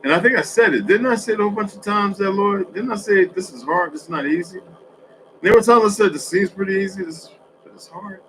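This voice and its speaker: In a low-quality recording, a man with a high, fairly bright voice speaks fast in a casual, rambling social media monologue. He tells streetwise stories packed with cursing.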